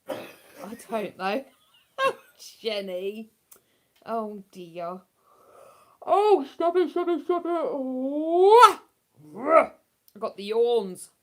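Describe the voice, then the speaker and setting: A woman hosting a casual livestream from home, chatting in a rambling way and laughing easily. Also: on the high side. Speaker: livestream host. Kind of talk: casual live chat.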